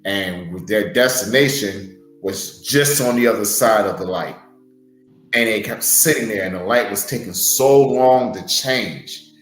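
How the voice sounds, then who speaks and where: A man's voice: lowish voice, a little slow, roomy sound, faint music behind, rough recording. A man who co-hosts a podcast and wrestles, earnestly sharing a word of advice and repeating himself as he restarts. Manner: earnest, repetitive, stumbling restarts. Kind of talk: casual motivational talk.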